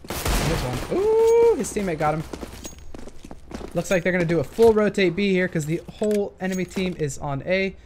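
Heavy background noise surrounds this young man's high voice as he talks through gameplay at a moderate pace. He comments casually, thinking aloud with frequent hesitations and fillers.

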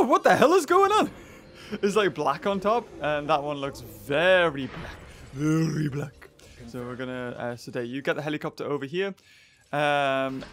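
Male gamer, let's play commentary, high-pitched, very animated, excitable and chatty. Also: a little hiss or hum. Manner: excitable, chatty, talks to the game characters. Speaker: gaming channel host.

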